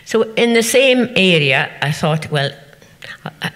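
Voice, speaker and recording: A woman's voice: lowish voice, animated, slow pace, fairly bright tone. An older woman, telling anecdotes to an audience and acting out the people she quotes. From Scotland. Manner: chatty anecdotal storytelling, acting out quoted voices. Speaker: festival speaker. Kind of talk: storytelling talk to an audience. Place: event venue. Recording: echoey hall.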